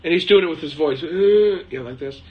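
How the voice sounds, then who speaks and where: A man with a slightly high voice talks quickly, though the recording sounds muffled. He's hosting a casual live chat from his shed, answering viewer questions in a rambling, chatty way, laughing often and mimicking people.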